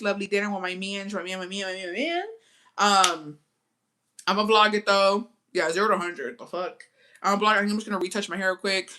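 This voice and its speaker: Bright, foul-mouthed woman. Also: medium pitch. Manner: profane, blunt, mixes Spanish into English; animated storytelling with theatrical asides. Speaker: vlogger. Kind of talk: casual chat to viewers.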